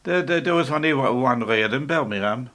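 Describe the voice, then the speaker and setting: An older man with an Irish accent, reminiscing in a relaxed, rambling way, often stopping to restart and chuckling as he talks. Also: medium pitch, brisk. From Ireland. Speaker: interviewee. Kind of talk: casual reminiscing.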